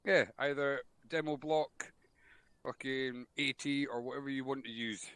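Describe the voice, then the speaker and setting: A man's voice: medium pitch, fairly even intonation, measured pace, fairly bright tone, clear, resonant tone, dry recording. Casting: man, game-unit instructor, blunt and sweary with jokes, headset voice chat, dry sound. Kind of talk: military briefing in a game.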